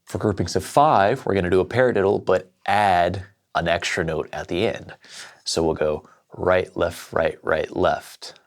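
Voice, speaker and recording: Gravelly low-voiced drum teacher. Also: male voice, fairly even intonation, a little slow, slight background noise. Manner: explains step by step, counts aloud. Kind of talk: casual lesson.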